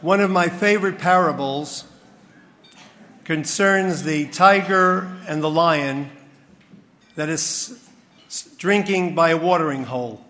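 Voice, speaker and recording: A man's voice: on the high side, slow pace, pauses often, pushed and bright, long reverb tail. A man speaking as master of ceremonies at a community dinner, telling stories and rousing the crowd. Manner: storytelling with crowd-rousing build-ups. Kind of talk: after-dinner speech.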